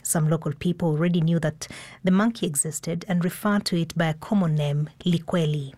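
A woman's voice: low-pitched, steady tone, brisk, dark tone. A woman presenter reading a scripted news report.

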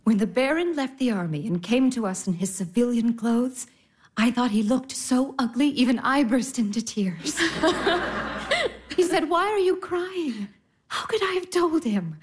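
An actress playing a gentle, sensible elder sister in a classic stage drama, speaking in a tender, soothing way. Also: female voice, sits high, slightly rough, full character voice.

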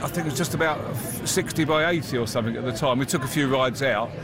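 A man's voice: medium pitch, quick pace, music in the background. A man, a park owner, talking proudly and chattily in an outdoor interview with small hesitations. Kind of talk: on-location interview. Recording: crowd noise at an amusement park. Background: park crowd and rides.

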